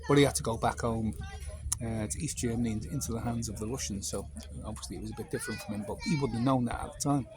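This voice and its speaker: A man's voice: medium pitch, fast talker, heavy background noise. A man in his fifties from North Wales with a North Welsh accent, telling casual anecdotes in a meandering, digressive way.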